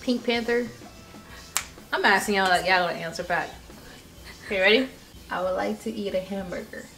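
A woman's voice: mid-range voice, normal speed, gravelly, fairly bright tone, soft background music, low-quality recording. A young woman hosting a casual vlog with her sister, teasing and laughing, exaggerating her words. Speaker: YouTube vlogger. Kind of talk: casual playful chat.

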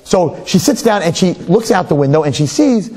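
A middle-aged man preaches a sermon, husky and a touch raspy in tone. His pitch sits somewhat high and swings widely, and his delivery is emphatic and animated. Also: moderate pace. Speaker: rabbi. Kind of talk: sermon with storytelling.

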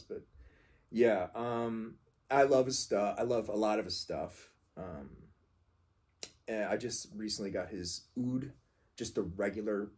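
A man's voice: lowish voice, a little mellow, slightly rough. A man reviewing a fragrance in casual talk, rambling and emphatic as he corrects how a word is said.

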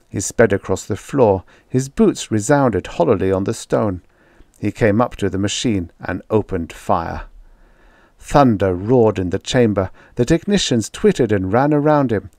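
Reading science fiction for an audiobook, a man speaks in a low register at a moderate pace. His narration is scripted, steady, and dramatic to heighten tension, captured dry and close to the mic.

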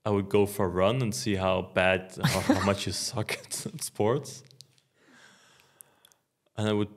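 A man's voice: on the low side, steady tone, unhurried. A racing driver hosting a podcast, chatting casually and teasing his guest with dry humor. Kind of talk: casual chat.

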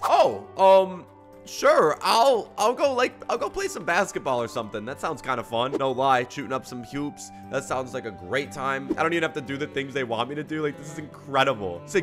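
A man commentating his own gameplay, excitable and animated, swinging between dread and delight. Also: medium pitch, moderate pace, soft background music. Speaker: gaming YouTuber. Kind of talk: gameplay commentary, reading out other players' chat in put-on voices.

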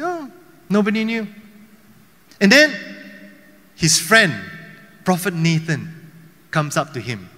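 A pastor from Malaysia preaching a sermon, telling a Bible story with many rhetorical questions. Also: male voice, sits high, pushed and bright, big-room sound. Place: church hall.

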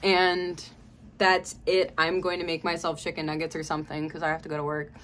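A woman's voice: low-pitched, completely flat delivery, fairly quick, fairly bright tone, a little hiss or hum. A young woman vlogging casually, ranting with lots of swearing and dramatic swings from mumbled complaints to shrieks. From Tampa area, Florida.

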